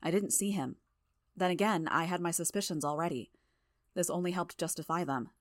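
Female audiobook narrator; low, steady first-person storytelling with a dry, close sound. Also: a little fast, no room sound.

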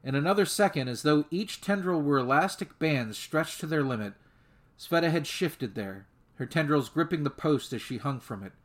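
A man narrating a fan audiobook in a measured, steady storytelling manner. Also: on the high side.

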